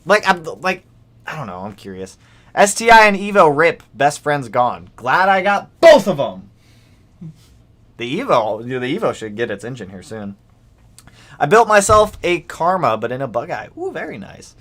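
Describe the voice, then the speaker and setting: A young man hosting a casual livestream about cars, animated as he reads donations and reacts to news. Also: on the high side, moderate pace. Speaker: livestream host.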